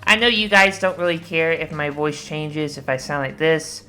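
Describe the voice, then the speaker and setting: Low-voiced woman, bright excited rambling. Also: moderate pace. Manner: enthusiastic, rambling, swears freely. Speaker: video creator. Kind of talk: casual excited commentary.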